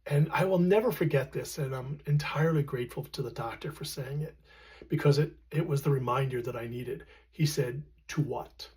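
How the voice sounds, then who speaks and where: A middle-aged man recounting a personal story in a reflective, earnest way, pausing often with fillers. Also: medium pitch, darkish tone, breathy edge. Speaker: storyteller recounting his late partner.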